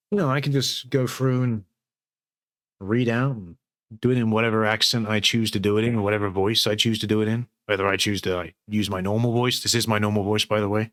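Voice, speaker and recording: A man's voice: mid-range voice, a little fast, no room sound, clean studio sound. A man, hosting his new channel in rambling, sweary casual chat from home.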